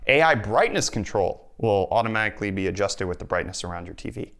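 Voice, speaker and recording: Excitable young man unboxing a TV. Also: on the low side, quick pace. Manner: enthusiastic, exclaims often. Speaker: tech video presenter. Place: well-lit indoor room.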